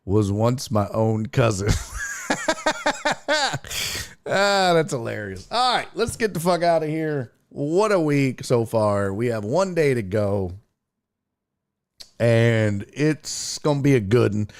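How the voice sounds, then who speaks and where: A man hosting a casual sports talk live stream, joking, swearing and laughing often while reading viewer comments, his voice a bit rough and hoarse. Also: medium pitch, big pitch swings, slow pace, long pauses. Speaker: sports talk show host.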